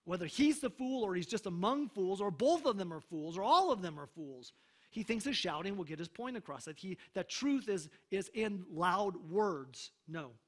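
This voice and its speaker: A man preaching a sermon as pastor, emphatic, slowing down for scripture readings and checking in with the congregation. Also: sits high, expressive.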